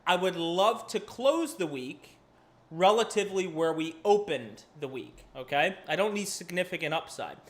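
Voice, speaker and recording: A fairly high-voiced man hosting a live market stream. He talks in a loose, chatty way, swears casually and keeps apologizing while he jumps between charts. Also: animated, normal speed. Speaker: crypto livestream host.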